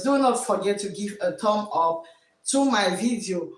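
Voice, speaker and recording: A woman's voice: mid-range voice, animated, unhurried, distant mic. Woman, West African English accent, teacher, live-stream host, repeats herself, echoey room. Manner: warm greetings to viewers, repeats words, preachy encouragement. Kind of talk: casual live-stream talk.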